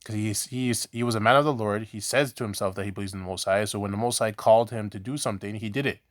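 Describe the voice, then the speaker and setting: A man's voice: on the low side, fast talker, no room sound, clean studio sound. A man giving an informal scripture teaching, talking conversationally, often asking "right?" and repeating himself, blunt and at times profane. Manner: conversational, repeats 'right?' and restarts; blunt, swears in examples. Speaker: preacher.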